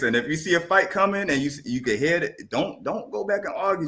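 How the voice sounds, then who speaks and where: A man from Jamaica, a podcast guest, telling animated stories in casual chat and acting out family conversations with laughter. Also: a little high, fairly quick, hardly any pauses.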